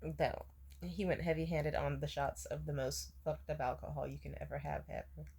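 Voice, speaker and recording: A woman's voice: low-pitched, little pitch movement, moderate pace, gravelly, a little mellow, husky. Young woman vlogger, hungover, loose rambling storytime delivery. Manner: rambling, laughing, swearing freely. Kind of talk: casual storytime rant.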